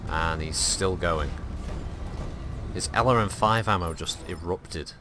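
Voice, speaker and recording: A man's voice: low voice, slow pace. A man giving casual, profane commentary while playing a game and poking fun at its voices. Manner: chatty, swears, mocks voices. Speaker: gaming streamer. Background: game music.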